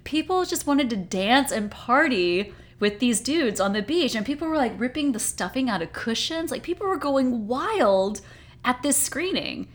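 Woman co-host, casual movie recap, animated, laughs a lot. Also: high voice, moderate pace. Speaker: podcast co-host.

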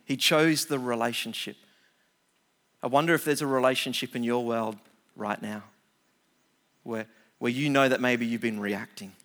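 A middle-aged man, preaching a sermon, reading scripture aloud and explaining it with animated asides. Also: mid-range voice, normal speed, pauses often. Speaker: pastor.

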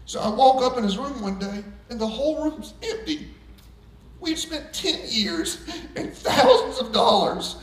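A middle-aged male pastor telling a story in a sermon, animated, laughing and bursting into shouts. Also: extremely high pitch, measured pace. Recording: echoey room heard from a distance.

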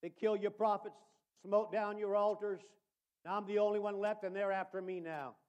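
A male preacher giving a sermon, calling out to listeners by name and swinging from hushed asides to shouted emphasis. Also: high-pitched, fairly even intonation, normal speed, highs cut off. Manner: addresses listeners by name as brother.

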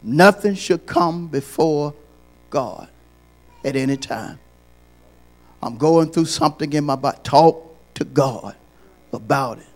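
A man preaching a sermon as pastor, repeating his points and building from quiet lines to loud, high, shouted peaks. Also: animated, takes it slowly, long pauses.

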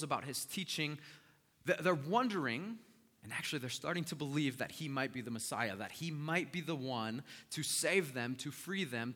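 A male pastor preaching a sermon, telling the story dramatically as his voice swings from loud to hushed. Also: medium pitch. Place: church sanctuary. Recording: long echoing hall reverb.

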